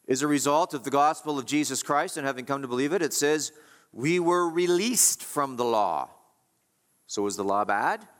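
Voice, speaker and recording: Pastor preaching in a reverberant hall. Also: male voice, mid-range voice, fairly bright tone. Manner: rhetorical questions, emphatic repetition. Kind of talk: sermon.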